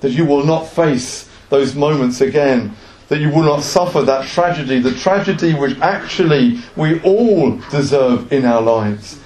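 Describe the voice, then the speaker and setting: Earnest male preacher, sermon delivery, slightly high pitch, echoey room. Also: measured pace, hardly any pauses, darkish tone. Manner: earnest, with rhetorical questions.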